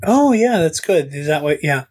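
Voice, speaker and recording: A man's voice: a little high, very animated, normal speed, darkish tone, slightly rough. Guy rambling on a podcast, lots of stammers and restarts, swears casually. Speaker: podcast host.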